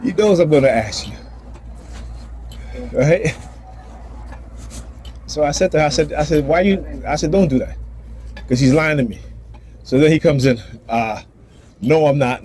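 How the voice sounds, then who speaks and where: Man, ranting phone vlog, repeats himself, acts out quotes, slightly high voice, faint traffic behind. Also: animated, moderate pace, long pauses, a little mellow. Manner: agitated, repetitive, acts out quoted dialogue. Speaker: father vlogger. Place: outdoors near a building and street traffic.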